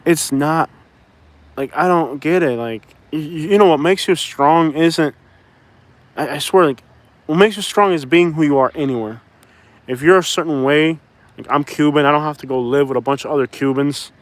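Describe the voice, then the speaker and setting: Heard with no room sound, a man with a slightly high voice speaks at a moderate pace. He is a Miami, Florida vlogger rambling casually to camera, cracking jokes, hopping between thoughts, and referring to his audience as y'all.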